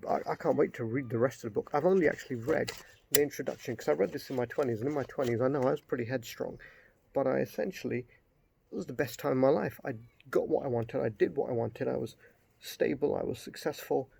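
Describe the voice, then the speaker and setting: Middle-aged guy reviewing a book, gravelly voice, rambly and heated, bit of hiss behind. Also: medium pitch, fast, darkish tone. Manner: rambling, gets worked up and swears. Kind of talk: casual spoken book review.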